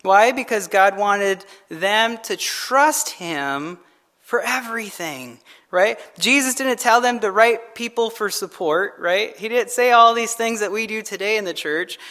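A man preaching a sermon as pastor, in a conversational, animated storytelling manner that acts out quotes. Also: sits high, unhurried.

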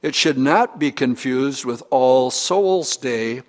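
A man's voice: mid-range voice, animated, slow. Pastor guy giving a sermon, casual and jokey, mid voice, big echoey church hall. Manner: conversational preaching with humor and quoted examples. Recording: reverberant hall.

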